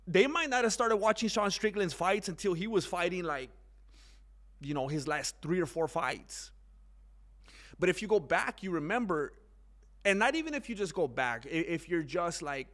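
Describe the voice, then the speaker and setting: A young man giving a rambling casual monologue on fight news, animated and mocking. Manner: rambling, animated, mocks others in high exaggerated voices. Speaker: MMA commentary YouTuber.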